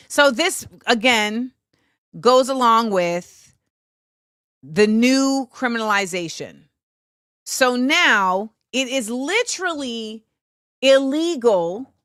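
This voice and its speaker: A woman hosts a livestream, reading out viewer comments and answering with blunt opinions. Her voice sits a little high and comes across sharp and forceful. The recording is dry, with no room echo. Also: clear, resonant tone. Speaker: host.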